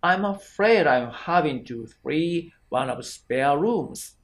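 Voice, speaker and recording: A man voicing a gentle, vague widowed mother in a slow read-aloud of a story passage. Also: on the high side, animated.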